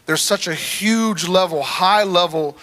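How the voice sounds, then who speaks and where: A man preaching a sermon in a church, telling his own story in a lively, chatty way and drawing in the congregation. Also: sits high, measured pace. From United States. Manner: animated, conversational, talks to the crowd. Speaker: guest preacher.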